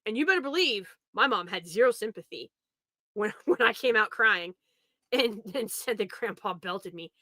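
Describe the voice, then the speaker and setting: A woman's voice: mid-range voice, animated, normal speed, pushed and bright, no room sound, clean studio sound. A young woman telling a family story in a casual, rambling way, often laughing as she talks. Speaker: podcast host.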